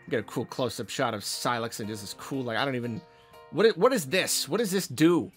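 A man's voice: medium pitch, expressive, a little fast, fairly bright tone, slightly rough, soft background music. A man hosting a video game channel, giving enthusiastic, rambling reaction commentary on a trailer. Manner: enthusiastic, rambling with fillers and restarts.

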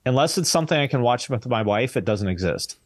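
A blunt American man chats as a podcast guest, swearing casually. His voice sits at an average pitch, recorded close and dry with no room sound. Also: animated, quick pace, no echo. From United States. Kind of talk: casual chat.

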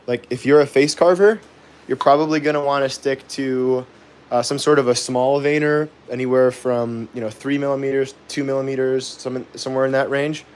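A man hosting a live woodcarving stream, thinking aloud with many pauses and fillers and chuckling at his own jokes as he reads viewer comments. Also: medium pitch, steady tone, a little mellow. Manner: chuckles often, jokey and self-deprecating. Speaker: woodcarving livestream host. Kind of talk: live carving demo, chatting with viewers.

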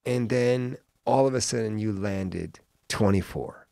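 A man hosting a podcast, telling a lively travel story in casual chat and acting out other people's voices. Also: fairly low pitch, measured pace, gravelly, no echo, studio quality. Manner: animated storyteller who acts out quoted voices. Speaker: podcast host.

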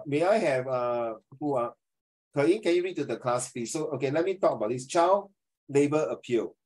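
A middle-aged male teacher talks to his class over a video call. He is animated and chatty, and his everyday voice sits in a middle pitch. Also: poor audio. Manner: animated, mixes Mandarin phrases, chatty. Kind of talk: online class discussion.

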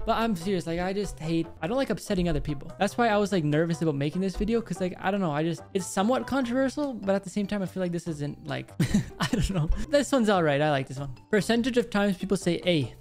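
A man's voice: fairly high pitch, a little mellow. A man from Canada, chatting casually and rambling as he reacts to memes on his channel, laughing often. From Canada (Manitoba). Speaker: YouTuber.

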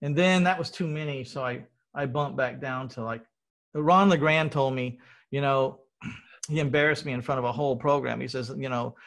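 A man's voice: mid-range voice, normal speed, gravelly, a bit bright. A middle-aged man from Texas telling his story in an earnest, rambling way, often restarting his sentences. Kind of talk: casual conversational storytelling.

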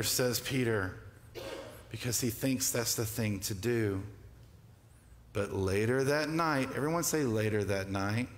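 A man's voice: on the low side, measured pace, a little hiss or hum. Preaching man in an echoey church. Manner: call-and-response preaching, rising emphatic delivery. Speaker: pastor. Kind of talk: sermon. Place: church sanctuary.

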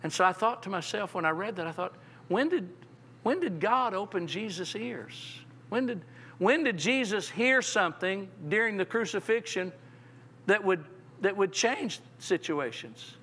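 A man's voice: high-pitched, lively intonation, normal speed, sharp tone, husky. A man preaching a sermon as pastor, often repeating words as he restarts sentences and acting out the quotes he reads. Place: church sanctuary.

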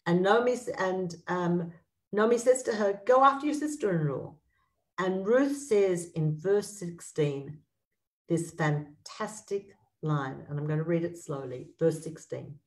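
A woman teaching a text study lesson, reading verses aloud slowly and then commenting, with frequent restarts. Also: fairly low pitch, recorded from a distance, low-quality recording. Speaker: Bible teacher.

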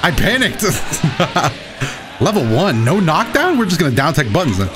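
A young man giving excitable, self-mocking live commentary while playing a fighting game. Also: fairly high pitch, measured pace. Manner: excitable, self-mocking, shouts at big plays. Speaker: gaming YouTuber. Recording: game music playing behind. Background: game music.

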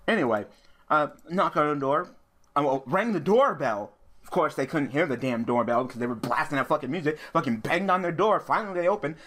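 A man's voice: on the high side, brisk, fairly bright tone. A man telling a profane, ranting story while commentating a card game he is playing. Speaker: gaming YouTuber. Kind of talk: venting commentary over card game play.

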